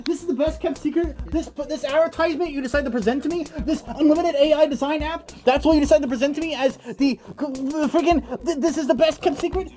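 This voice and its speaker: A woman's voice: high-pitched, warm tone. A woman doing satirical reaction commentary, mocking and indignant, firing off rhetorical questions. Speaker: comedic character host reacting to videos.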